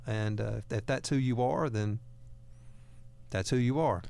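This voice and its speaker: A man's voice: mid-range voice, measured pace, gravelly, a little mellow, smooth. A man hosting a talk radio show, speaking in a folksy, earnest way and often repeating words as he goes. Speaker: radio host.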